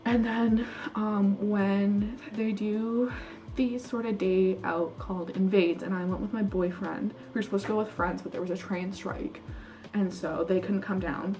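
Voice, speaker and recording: Young female vlogger from Canada, casual, filler-heavy storyteller, mid-pitched voice, recorded slightly off-mic. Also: fairly even intonation, measured pace, warm tone, far from the mic, faint music behind, poor audio. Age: young adult. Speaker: international student vlogger. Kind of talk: casual chat.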